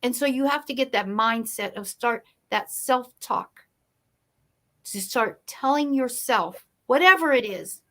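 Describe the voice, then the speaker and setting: A woman's voice: fairly high pitch, expressive, unhurried, a bit bright. A woman speaking as a guest in a motivational interview, emphatic and storytelling. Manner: emphatic, storytelling, shifts pace for effect.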